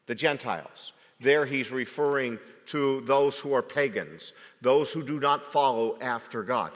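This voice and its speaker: Slow-preaching man in a reverberant hall. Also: medium pitch. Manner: measured delivery, rising to emphatic rhetorical questions. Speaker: pastor. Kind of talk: sermon.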